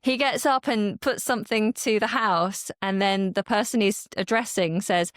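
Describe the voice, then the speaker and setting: A young adult woman from Manchester with a modern RP accent, speaking as a podcast guest and accent coach in a thoughtful, measured way. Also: mid-range voice, steady tone, dry recording, clean studio sound. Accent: modern RP English. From Manchester, England. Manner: thoughtful, measured, with small restarts. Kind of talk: podcast interview.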